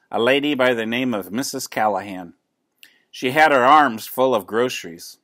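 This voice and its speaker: Gentle grandfather reading aloud. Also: medium pitch, dry recording, studio quality. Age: older. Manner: gentle, explains words as he reads. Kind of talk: children's storybook read-aloud. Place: home.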